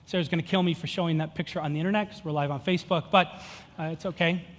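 A pastor in his thirties delivers a sermon in a fairly high voice, moving from relaxed storytelling into fervent, climbing intensity. His words ring out with a long reverb tail in a large church hall. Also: fast. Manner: earnest storytelling with rising passion.

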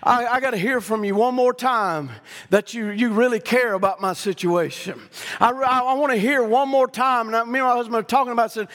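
In a sermon told folksy-storyteller style, a middle-aged man from Louisiana speaks with a Southern accent, restarting often and climbing to shouts. He sounds very high-pitched and brisk, and a long reverb tail follows his words.

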